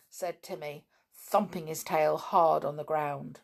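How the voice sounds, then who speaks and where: A woman's voice: low-pitched, fairly even intonation, slow, creaky, hardly any pauses. A woman reading a children's book aloud, with chatty asides to her listeners. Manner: chatty, informal asides between passages. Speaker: storyteller.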